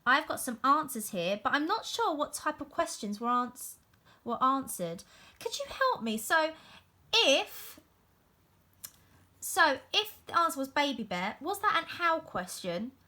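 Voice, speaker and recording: A woman's voice: sits high, very animated, unhurried, pushed and bright. A woman, a primary teacher, giving a recorded reading lesson to young children in an encouraging, sing-song way. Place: home.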